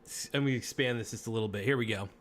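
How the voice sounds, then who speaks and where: A man's voice: fairly low pitch, very fast, a little hiss or hum. A man hosting a casual political commentary livestream, talking in a rambling, chatty way, correcting himself as he goes, with the odd hiccup. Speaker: podcast host.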